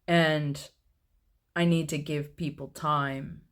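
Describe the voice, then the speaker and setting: A man in his thirties, chatting casually to camera in a personal vlog, with a low, mellow voice, laughing often at himself. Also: level tone, slow, clear, resonant tone. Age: 30s. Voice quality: low, mellow voice with little fluctuation. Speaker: vlogger.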